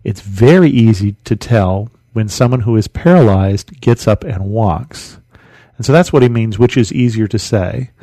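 A man's voice: fairly low pitch, normal speed, dark tone, dry recording. A man hosting a podcast, teaching through a Bible story in a conversational, storytelling way with rhetorical questions.

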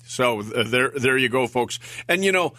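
A man's voice: mid-range voice, expressive, moderate pace, bright, forceful tone, no room sound. A man co-hosting a radio show about his auction company, talking casually with lots of fillers and restarts. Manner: rambling, with many fillers and restarts.

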